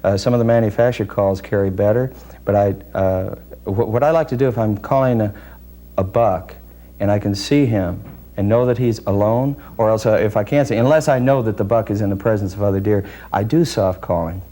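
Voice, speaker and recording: A man with a low, mellow voice, talking through how deer calls work. He sounds measured and technical and often pauses to search for the next word. It is an interview recorded outdoors. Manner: measured and technical, with frequent hesitations. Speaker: deer calling expert guest. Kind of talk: explanatory interview talk.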